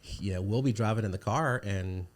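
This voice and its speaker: A man's voice: lowish voice, normal speed. A man in his forties, a podcast guest, telling stories in a rambling, easygoing way with many restarts. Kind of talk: casual conversation.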